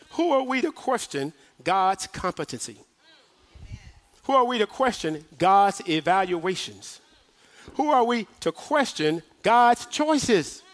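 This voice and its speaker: A man, a minister, preaching a sermon in rising repeated questions that slow down and swell to shouts at the peaks. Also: high-pitched.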